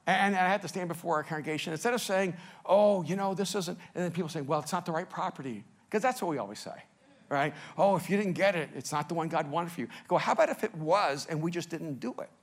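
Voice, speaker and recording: Middle-aged pastor guy preaching, lively storytelling, gets loud then real quiet, kinda high voice. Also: fast talker. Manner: animated, laughs at himself, swings between loud and hushed. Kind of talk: preaching sermon with stories.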